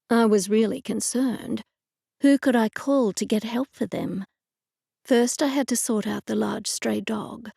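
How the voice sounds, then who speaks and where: A woman narrating a cozy mystery audiobook in a measured first-person storytelling manner. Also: fairly high pitch, gravelly, warm tone, breathy edge, dry recording, studio quality.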